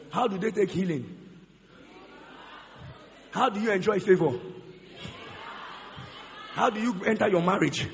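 In a big church hall with long reverb, a pastor with a high-pitched, fairly bright voice and some vocal fry preaches a sermon. He works the crowd with call-and-response questions and keeps repeating key phrases.

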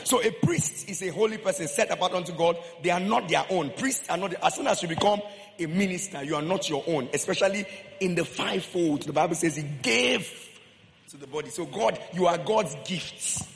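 A man preaches with emphatic repetition, pressing his listeners with questions. His voice sits a touch high for a man. Long reverb from the hall trails his words, over a faint wash of room noise. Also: brisk, gravelly. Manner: emphatic, repeats phrases, questions the congregation. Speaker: pastor. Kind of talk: sermon.

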